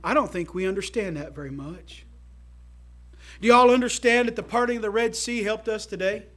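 A man preaching a sermon to his church in a folksy, emphatic way, swinging between loud calls to the congregation and quiet asides. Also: high-pitched, moderate pace. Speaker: pastor.

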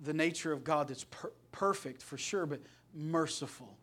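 High-voiced impassioned preacher man. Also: normal speed. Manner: impassioned preaching that swings from loud to soft. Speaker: pastor. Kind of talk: sermon.

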